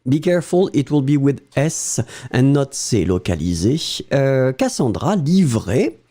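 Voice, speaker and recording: A man with a French accent teaches a live lesson, his pitch leaping up and down as he praises answers. He talks slowly and carefully, with a dark, mellow tone, dropping "euh" between names. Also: very animated. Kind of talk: live-stream language lesson, reading viewer answers.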